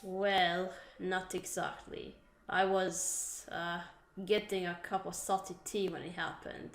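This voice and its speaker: A woman's voice: lowish voice, flat delivery, slow pace, echoey room. A woman putting on a cocky female spy. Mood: boastful. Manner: boastful, defensive.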